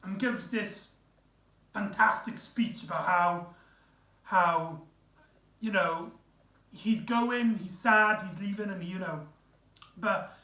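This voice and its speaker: A man's voice: high-pitched, takes it slowly, long pauses, sharp tone. A man recapping an episode in a casual, rambling way, full of fillers and restarts. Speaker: reviewer. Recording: echoey room, off-mic.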